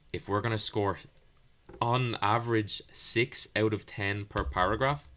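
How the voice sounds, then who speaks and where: A man's voice: low voice, fairly bright tone. A man giving an online history exam revision lesson, explaining things plainly with some fillers. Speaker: history teacher.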